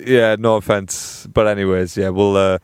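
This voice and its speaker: A man's voice: fairly low pitch, flat delivery, normal speed, clean tone, dry recording. Teasing man, dry close sound. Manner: teasing, bantering. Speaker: podcast co-host. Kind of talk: casual chat.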